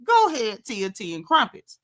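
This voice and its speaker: A woman talks through a reality show recap in a gossipy, animated way. Her voice is bright and sits a little high. She keeps slipping into lively quoted asides. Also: normal speed. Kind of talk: casual recap chat.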